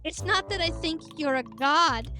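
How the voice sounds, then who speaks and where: A woman's voice: high voice, expressive, unhurried. A woman voicing a clingy, fussy lover who frets and begs over a radio link in a comic skit. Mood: fretful pleading. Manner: pleading, breathless and fretful. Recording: clear music bed behind. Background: music.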